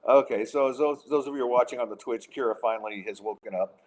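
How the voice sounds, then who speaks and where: A middle-aged man hosts a podcast in a loose, conversational rant. He sounds exasperated and sarcastic, tripping over restarts as he talks. His pitch sits in the middle range for a man. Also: quick pace. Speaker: podcast host. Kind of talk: casual ranting chat.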